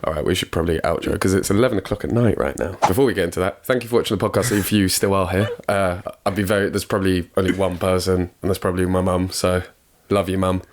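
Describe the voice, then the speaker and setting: Deep-voiced young Englishman, stuffed-up. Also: steady tone, quick pace, few pauses. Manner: self-mocking, apologetic, rambling. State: congested. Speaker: podcast co-host. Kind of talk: casual football chat.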